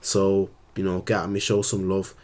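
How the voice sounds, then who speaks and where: A man's voice: sits low, monotone, moderate pace, a little mellow. A man, an astrologer, rambling in slangy casual talk on his vlog. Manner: rambling, slangy, laid-back.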